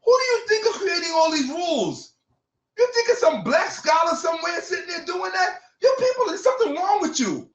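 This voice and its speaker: A man's voice: very high-pitched, big pitch swings, brisk, reverberant, far from the mic, muffled recording. A man in a heated debate, angrily interrupting and repeating himself over and over. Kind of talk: heated argument.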